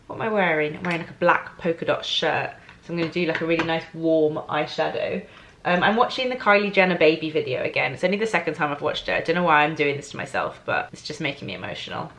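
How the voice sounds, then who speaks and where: A woman's voice: fairly low pitch, noisy background. A young woman chatting casually to camera in a vlog, bubbly and full of fillers, first at home and then out in town. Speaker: vlogger.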